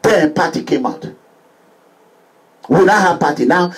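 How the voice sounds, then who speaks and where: A middle-aged man from Edo State with a Nigerian English and Pidgin accent, delivering an impassioned political monologue that swings between low pleading and loud declaiming, with chanted refrains. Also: normal speed, long pauses, rough recording. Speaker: political activist vlogger.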